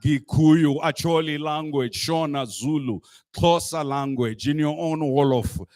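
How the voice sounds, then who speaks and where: A man giving a rousing public speech to a youth assembly, emphatic and full of rhetorical repetition, at times rising to a shout. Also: on the high side, a little slow. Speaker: speaker addressing a youth climate assembly. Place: live event stage.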